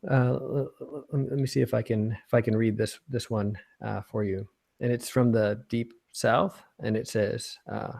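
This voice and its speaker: A man's voice: medium pitch, gravelly. A man moderating a mock press conference, rambling through comic tangents with lots of fillers. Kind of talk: comic deadpan lecture and moderating.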